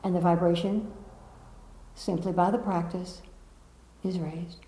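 A woman's voice: fairly low pitch, fairly even intonation, unhurried, mellow. A woman spiritual teacher giving a talk to a live audience, emphatic and repetitive, with playful asides. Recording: roomy echo of a meeting room.

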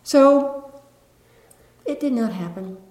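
Soft-spoken lady giving a spiritual talk to a room of people, lilting, kinda echoey. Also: fairly high pitch, expressive, slow. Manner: gentle, lilting, with soft laughs. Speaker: spiritual teacher. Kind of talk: spiritual talk to a live audience. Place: room with an audience.

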